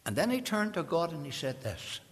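A man preaching in a high, bright voice that leaps and drops across a wide range, delivered slowly and deliberately. His lines climb to loud cries and then fall to near-whispers. The sound rings with the long reverb of a large hall. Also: very animated, slightly rough. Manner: impassioned preaching, swinging from loud cries to hushed low endings; addresses the listener directly as friend. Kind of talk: sermon.

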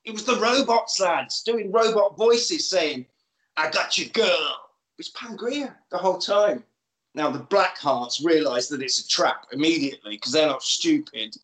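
Male co-host, lively storyteller, slightly higher voice, roomy echo. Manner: animated, acts out lines in quick put-on voices. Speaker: podcast co-host. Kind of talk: casual chat, retelling a film. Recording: echoey room.

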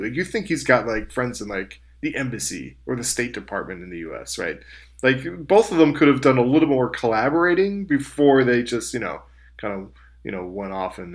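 Young male co-host, casual and sarcastic, expressive pitch swings. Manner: sarcastic, swears freely, does mocking voices. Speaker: podcast co-host. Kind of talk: casual chat.

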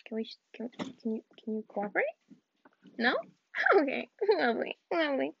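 A woman's voice: a little high, lively intonation, normal speed, gravelly, a little hiss or hum. A young woman from the American South, rambling in a casual vlog with self-mocking, giggly asides while she tidies up. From Southern United States. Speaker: vlogger. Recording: dull, dry lo-fi recording.

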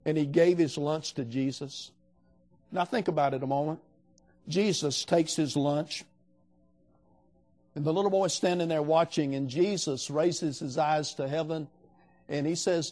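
A man's voice: on the high side, normal speed, a little mellow. An older man preaching a sermon in a folksy, storytelling way, acting out the voices of the people he quotes.

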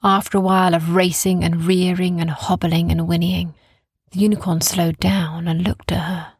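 A woman reads a bedtime story slowly and soothingly, often dropping to a whisper. Her voice is very husky and gravelly, a little low in pitch. The recording is dry and close, with no room around it. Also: dry recording. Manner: slow, calm, gentle, repeating soothing phrases. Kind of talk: soft bedtime story narration, partly whispered.

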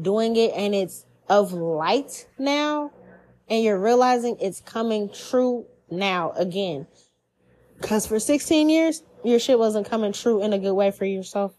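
A woman's voice: mid-range voice, slight background noise. A woman giving a casual spiritual reading as a podcast host, blunt and profane, acting out the voices she quotes. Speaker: tarot and astrology reader.

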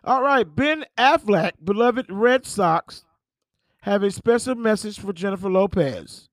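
Animated and unhurried, a high-pitched man with a fairly bright tone hosts a podcast of casual celebrity gossip. He reads out headlines, laughing and cursing in reaction, with clean studio sound and no echo.

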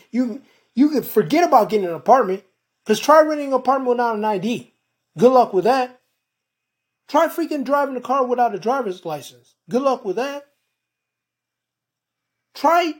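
A woman's voice: on the high side, darkish tone. A woman podcast host delivering a heated, profane monologue and calling her listeners "folks". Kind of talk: ranting monologue.

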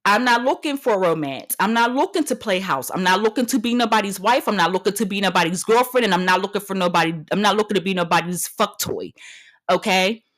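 A woman's voice: medium pitch, quick pace, a bit bright. Brash, profane woman ranting in her thirties. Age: 30s. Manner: brash, profane and emphatic, repeating lines for punch; blunt and confrontational. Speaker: podcast host. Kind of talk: comedic rant monologue.

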